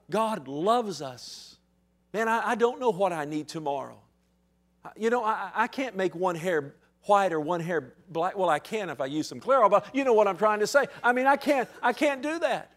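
Casting: thirties male pastor, slightly high voice, chatty sermon that turns emphatic. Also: a bit bright. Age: 30s. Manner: conversational, building to emphatic.

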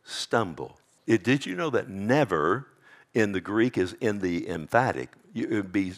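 A man preaching a sermon as pastor, swinging between loud emphasis and hushed tones, often calling out "amen?" and "loved one.". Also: mid-range voice, very animated, moderate pace. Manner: addresses listeners as "loved one", asks "amen?".

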